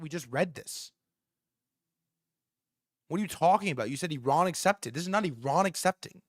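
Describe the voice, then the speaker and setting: Excitable man live-streaming, swings wildly in pitch. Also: no echo, clean studio sound. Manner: excitable, swearing, repeats words rapidly. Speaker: livestream host. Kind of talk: live-stream reaction commentary.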